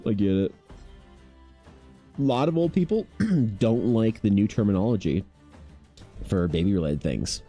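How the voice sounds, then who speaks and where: A man in his thirties chatting casually while streaming his art, laid-back, swearing freely and mimicking people in a higher voice. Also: lively intonation, unhurried, pauses often, warm tone, slightly rough, soft background music. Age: 30s. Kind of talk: casual chat with chat.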